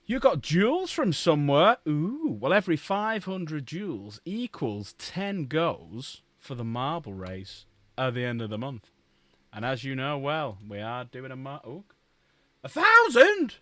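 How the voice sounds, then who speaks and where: A man's voice: mid-range voice, animated, a little slow, dry recording. A man chatting casually with his live-stream viewers, joking and swearing freely. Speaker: live streamer greeting chat. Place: home room while painting miniatures.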